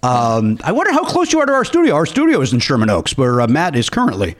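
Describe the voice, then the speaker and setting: Lively, jokey male podcast host. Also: mid-range voice. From Chicago south suburbs, USA. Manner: jokey and profane, with quick asides. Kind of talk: comic casual chat.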